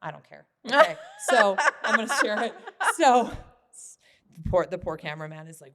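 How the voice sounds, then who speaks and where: A woman hosting a podcast in casual chat, candid and quick to laugh, swearing lightly as she goes. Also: mid-range voice, lively intonation, fairly bright tone. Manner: candid, laughs often, says freaking a lot. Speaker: podcast host.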